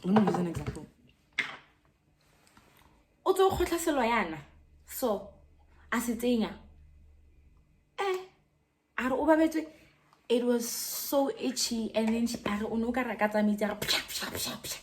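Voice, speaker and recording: A young South African woman with a South African accent, telling a gossipy story in a casual vlog and dropping into hushed whispers now and then. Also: on the high side, sing-song, moderate pace, pauses often, background noise. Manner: gossipy, drops to hushed whispers, mixes English with Setswana. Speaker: YouTuber.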